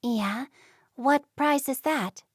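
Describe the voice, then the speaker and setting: Give me a reserved, stubborn young Amish woman, read by a woman narrator, slow and dry. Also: high voice, breathy edge, no echo, voice pushed up, exaggerated voice. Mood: teasing.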